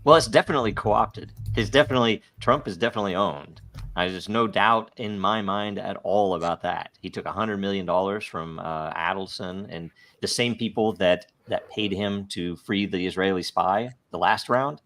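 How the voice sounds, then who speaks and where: A man's voice: low voice, normal speed, fairly bright tone. A man in a casual podcast discussion who states his opinions bluntly and with certainty. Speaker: podcast panelist.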